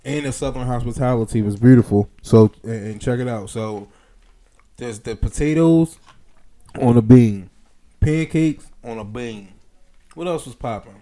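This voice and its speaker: Podcast guy, mellow warm voice, hyped, shouting everybody out. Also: mid-range voice, measured pace. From Philadelphia. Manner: hyped, repeats shout-outs. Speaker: podcast host. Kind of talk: casual podcast chat.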